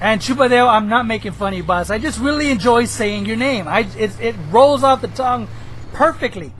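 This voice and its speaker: Hoarse high-voiced gaming commentator. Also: male voice, brisk, slight background noise, low-quality recording. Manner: rambling, excitable, bursts into shouts. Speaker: gameplay video host. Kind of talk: gameplay commentary.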